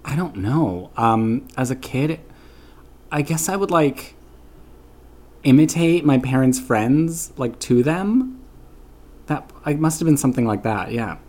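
A man's voice: medium pitch, expressive, measured pace, long pauses, warm tone. A man from Canada guesting on a podcast, talking bluntly and animatedly, swearing freely and slipping into voices. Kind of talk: casual chat.

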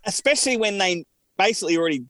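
Quick-talking co-host. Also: male voice, high voice, expressive, fairly bright tone, no room sound, clean studio sound. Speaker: podcast co-host. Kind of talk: casual recap chat.

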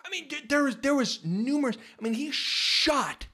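A man co-hosting a podcast, chatting casually in an animated, rambling and emphatic way. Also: extremely high pitch, normal speed. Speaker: podcast co-host. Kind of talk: casual chat.

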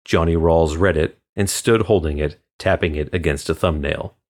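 A man from Florida reading a crime story as guest narrator in measured, even storytelling. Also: rumbling low. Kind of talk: scripted audiobook narration.

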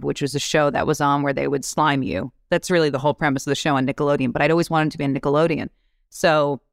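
Smooth-voiced woman guest, frank and animated, dry close mic. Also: low voice, dry recording. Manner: animated, laughing, acts out quotes; frank, swears casually. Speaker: actress guest. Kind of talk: candid podcast storytelling.

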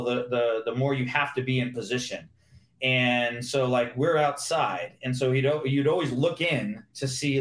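Man, ex-football receiver, casual interview chat, animated storytelling, echoey room. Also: mid-range voice. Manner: animated, acts out old conversations while explaining football. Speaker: former NFL receiver, interview guest. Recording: roomy echo.

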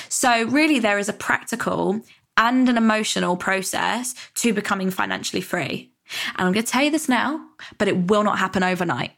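A woman's voice: mid-range voice, normal speed, a bit bright. A young British woman hosting a solo podcast, talking casually and rambling, with many fillers and self-corrections. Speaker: podcast host.

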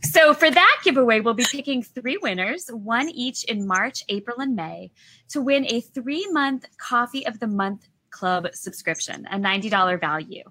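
A woman's voice: on the high side, animated, moderate pace, pushed and bright. A woman co-hosting a book talk show, chatting playfully about sponsors and giveaways. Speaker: co-host. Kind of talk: casual chat.

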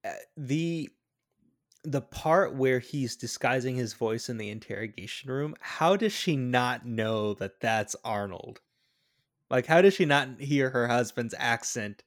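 A man's voice: mid-range voice, animated, unhurried. A man co-hosting a podcast, chatting casually about a film, asking questions and laughing easily. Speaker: podcast co-host. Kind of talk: casual movie-review chat.

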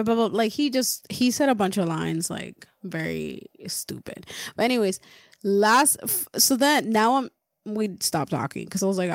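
A woman's voice: mid-range voice, measured pace, no echo, studio quality. A young woman co-hosting a podcast, telling dating stories with lots of laughter and casual swearing. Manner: animated storytelling, laughs often, swears freely. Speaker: podcast co-host.

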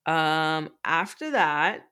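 A woman's voice: sits low, animated, very slow, sharp tone, smooth. Chatty woman recapping a book. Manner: chatty, full of "like" and "um" fillers. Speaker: podcast co-host. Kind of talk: casual book recap chat.

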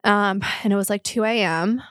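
A woman's voice: mid-range voice, normal speed, fairly bright tone, no room sound, studio quality. A young woman telling a painful personal story in a podcast talk, tearful and rambling with many fillers. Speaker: guest.

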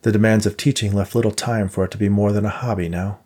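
A man narrating an audiobook in a measured, even way. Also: fairly low pitch. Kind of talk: scripted narration.

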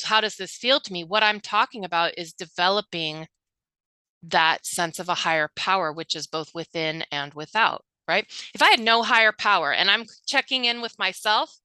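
A woman's voice: medium pitch, sharp tone, smooth, no echo, rough recording. A woman talking earnestly and with animation about recovery and spirituality in a casual conversation.

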